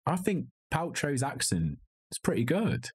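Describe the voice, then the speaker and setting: This podcast co-host has a slightly high voice with a breathy edge and wildly swooping pitch, speaking unhurriedly. He rambles through a casual film review with wry jokes, and the video call audio glitches slightly.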